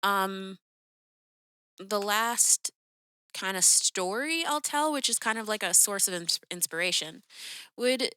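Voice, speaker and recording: A woman's voice: medium pitch, lively intonation, takes it slowly, pauses often, pushed and bright, clear, resonant tone, no echo. A young woman hosting a podcast, telling a story in a chatty, casual way full of "like" and "um". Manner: chatty, lots of "like" and "um", acts out quoted voices. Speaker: podcast host.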